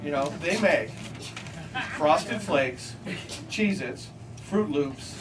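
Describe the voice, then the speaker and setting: A middle-aged man, an author at a book signing, reading comic pieces and telling stories to an audience with a wry, deadpan delivery. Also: a little high, very slow. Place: bookstore event room with a live audience. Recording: distant amateur recording, loud crowd laughter and noise.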